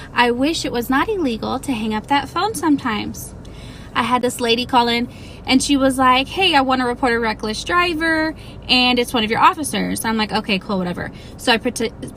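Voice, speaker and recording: A woman's voice: on the high side, moderate pace, pushed and bright, a little hiss or hum. A woman emergency dispatcher recounting a call with exasperated sarcasm. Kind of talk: casual storytime to camera.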